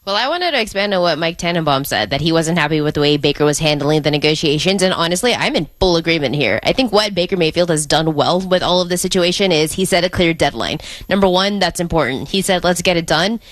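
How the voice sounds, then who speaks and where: A female sports radio co-host with a lowish voice who lays out her case point by point. The sound is close and dry, as if from a studio mic. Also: animated, dry recording. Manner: measured, methodical, building her points step by step. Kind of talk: sports talk radio analysis.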